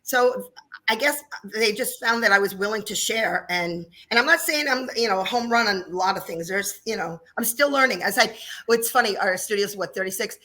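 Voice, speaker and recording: With a sharp tone and a mid-range voice at normal speed, a fifty-something New Jersey woman talks casually in an interview. She owns a dance studio and is chatty, laughing often as she tells stories.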